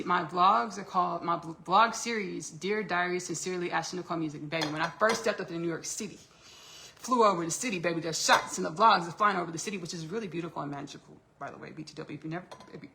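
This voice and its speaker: Bright, gravelly woman chatting while cooking. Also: lowish voice, a little hiss or hum. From Texas. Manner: chatty, calls listeners "baby", laughs often. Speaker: live streamer and musician. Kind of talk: casual live-stream chat while cooking. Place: home kitchen.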